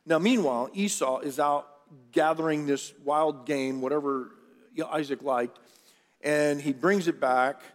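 A middle-aged pastor tells the story in a loose, conversational sermon and drops joking asides to his congregation. His voice sits a little high for a man. It rings through a big church sanctuary with a long reverb tail. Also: a little slow. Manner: chatty, jokey asides to the congregation.

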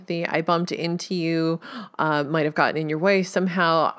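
A woman talking alone in a reflective, conversational way, musing aloud, correcting herself and laughing lightly. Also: fairly low pitch. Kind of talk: reflective solo talk.

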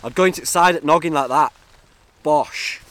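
A man's voice: on the high side, rapid-fire, fairly bright tone. Chatty man rambling in a tent. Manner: jokey, chatty, self-mocking. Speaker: podcast host. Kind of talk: rambling solo podcast chat. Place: inside a tent, camping. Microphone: camera-mounted mic.

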